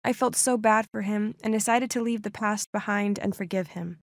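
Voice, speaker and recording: A woman's voice: mid-range voice, steady tone, moderate pace, dry recording, studio quality. A young adult woman narrating a first-person story in a scripted, emotive, dramatic way.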